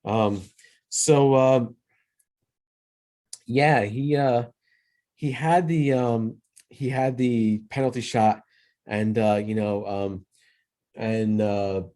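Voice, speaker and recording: Rambling mellow-voiced man reviewing a movie. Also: medium pitch, fairly even intonation, drawn-out words, pauses often. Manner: rambling, retells scenes loosely with many restarts; earnest and sentimental. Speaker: podcast host. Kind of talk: casual solo movie review.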